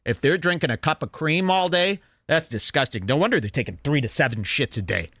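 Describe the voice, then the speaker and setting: A man's voice: a little high, lively intonation, fairly quick, fairly bright tone, no echo, studio quality. A man hosting a podcast, mocking and sneering in casual commentary over video clips. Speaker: podcast host.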